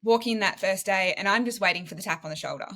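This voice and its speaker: A woman's voice: mid-range voice, fast. An Australian woman in her thirties, a former nurse now studying medicine, telling her story in a casual podcast chat with frequent laughs and acted-out quotes. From Western Australia. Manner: animated, laughs often, acts out quotes.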